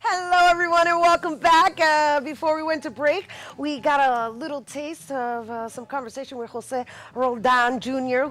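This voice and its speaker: Playful woman talk show host. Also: sits high. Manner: animated and playful, laughs easily. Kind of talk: television talk show hosting. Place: television studio.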